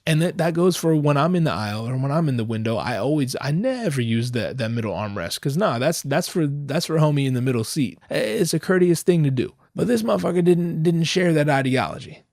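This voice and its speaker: A man's voice: fairly high pitch, a little fast, vocal fry, hardly any pauses, no echo. Profane man telling a story, dry sound. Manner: profane, animated, acts out voices. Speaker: podcast host. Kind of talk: storytelling rant.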